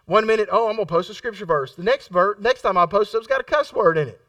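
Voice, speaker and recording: High bright-voiced male preacher. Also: racing, dry recording, far from the mic. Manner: conversational, repeats phrases for emphasis; acts out quoted voices in his storytelling. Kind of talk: sermon.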